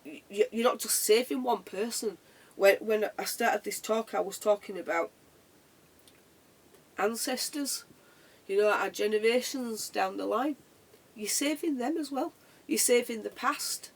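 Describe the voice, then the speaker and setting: Vlogger talking from the heart, raspy husky voice, repeats stuff, sounds a bit far off the mic. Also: mid-range voice, unhurried, pauses often. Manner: earnest, reflective, repeats phrases. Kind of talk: heartfelt motivational monologue.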